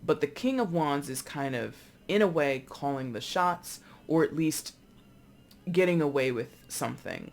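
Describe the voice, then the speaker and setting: A chatty tarot reader talking casually through a reading, wandering off into examples and asides. The voice sits at a mid pitch and carries an easy, animated manner.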